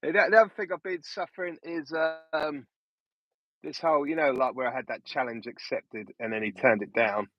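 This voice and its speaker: A man's voice: mid-range voice, fairly even intonation, fairly quick, no room sound, muffled recording. A man hosting a casual livestream chat, telling rambling stories and laughing often. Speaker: host.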